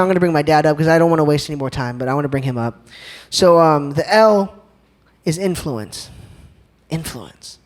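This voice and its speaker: A young man gives an energetic church talk, throwing questions and jokes at the crowd. His voice sits a bit high for a man, and he keeps it bouncy and informal. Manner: lively, joking, asks the crowd questions. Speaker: youth speaker.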